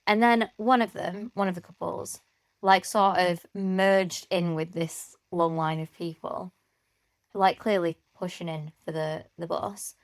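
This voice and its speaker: A podcast co-host with a fairly low, fairly even-toned voice speaks a little slowly, with no room sound in the recording. She's a chatty storyteller, sharing stories in casual conversation and laughing often.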